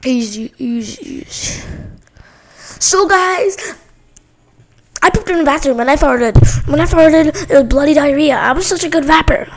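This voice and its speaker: A woman's voice: high-pitched, normal speed. A woman rambling through silly improvised rhymes and fillers in a home-made comedy sketch. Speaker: show creator.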